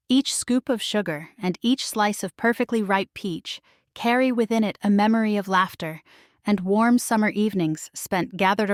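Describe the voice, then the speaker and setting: A woman's voice: mid-range voice, no echo, studio quality, lightly acted. A woman voicing an effusive older woman innkeeper who gushes and calls everyone darling. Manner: gushing, calls people darling.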